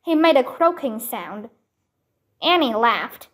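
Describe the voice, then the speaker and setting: A woman reading a children's storybook aloud clearly and deliberately. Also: a little high, sing-song. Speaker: storybook reader. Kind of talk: children's book read-aloud.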